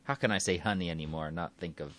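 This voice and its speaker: A man's voice: sits low, quick pace, a bit bright. A man casually retelling a story, rambling and correcting himself as he goes. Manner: rambling, self-correcting, chuckling.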